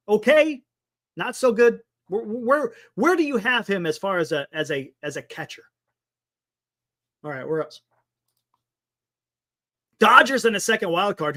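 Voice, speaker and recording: A man hosts a casual sports talk stream, rambling through the standings and answering his chat with a sarcastic edge. His voice sits high and swings widely in pitch as he talks. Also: sharp tone. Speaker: sports talk show host.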